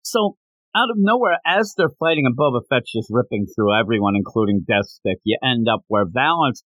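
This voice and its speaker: Husky, lively podcast co-host. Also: medium pitch, a little fast, dry recording, dull audio. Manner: animated, jokey retelling of comic panels with quoted lines. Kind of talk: casual chat about comics.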